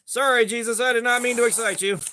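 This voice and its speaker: A man with a very high, bright, forceful voice hosts a relaxed livestream, chatting with his viewers by name. He jokes loosely between tests, and a faint hiss sits under his voice. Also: fast talker. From USA. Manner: laid-back, greets chat viewers by name, joking. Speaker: knife testing livestream host. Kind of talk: casual livestream chat.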